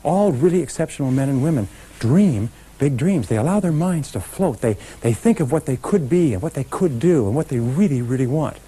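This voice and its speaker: Emphatic male motivational speaker, mellow and husky. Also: mid-range voice, lively intonation, brisk, poor audio. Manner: emphatic, talks straight to a live audience, leads call-and-response chants. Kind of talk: motivational seminar talk.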